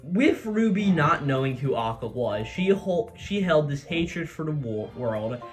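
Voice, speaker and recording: A man's voice: a little high, very animated, a little slow, soft background music. A man casually recapping a comic chapter in a chatty, filler-heavy way. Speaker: manga recap host.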